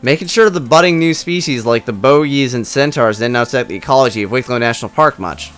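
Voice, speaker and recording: A man voicing a tough, friendly Irish woman who used to be a ranger, in a rough, attempted Irish accent, chatting casually. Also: medium pitch, fast, fairly bright tone, soft background music, natural voice. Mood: chatty.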